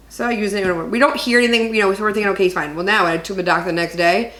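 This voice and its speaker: Woman podcast co-host, middle pitch, rambling animated storyteller, echoey room. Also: fast, hardly any pauses. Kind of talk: casual chat.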